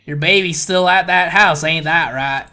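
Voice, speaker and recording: A streamer doing a big, rowdy Texan swordsman who booms every line at full volume, all drawl and folksy cussing. His voice is bright and sharp, with faint game music behind it. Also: measured pace. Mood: taunting. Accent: Texan drawl, put on. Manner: loud, brash, folksy cussing. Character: boisterous rowdy Texan swordsman, male, booming. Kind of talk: reading game dialogue aloud in character.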